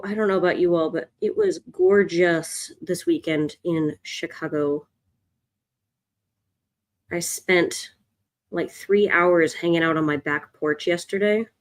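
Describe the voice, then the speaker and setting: A woman hosting a live drawing stream, chatting casually and answering viewers' comments. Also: low voice. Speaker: art livestream host. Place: home, in Chicago.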